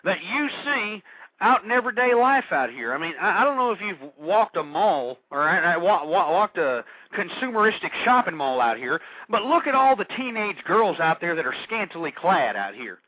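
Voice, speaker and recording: A man's voice: high voice, sing-song, normal speed, no room sound. A man hosting an internet radio talk show, ranting angrily in a preachy monologue and stumbling over repeated words. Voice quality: stammering, repeats words when worked up. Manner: angry, indignant, preachy. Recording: dull lo-fi internet radio audio.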